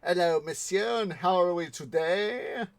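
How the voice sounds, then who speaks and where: A man putting on a posh, snooty French maître d'hôtel, with a deliberately poor mock French accent and a raised, exaggerated delivery. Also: high voice, lively intonation, pitched above the performer's own voice. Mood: polite.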